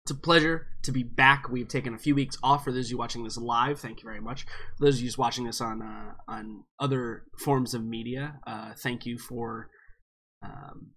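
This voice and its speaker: A man's voice: medium pitch, fairly even intonation, moderate pace, sharp tone. A man with a nasal voice hosting a tabletop game stream as game master, chatty and upbeat with lots of fillers. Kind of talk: casual stream chat.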